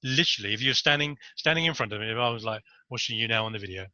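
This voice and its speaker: A man's voice: lowish voice, very fast, pushed and bright, dry recording, highs cut off. A man giving a casual, rambling talk to camera on body language, with jokey asides.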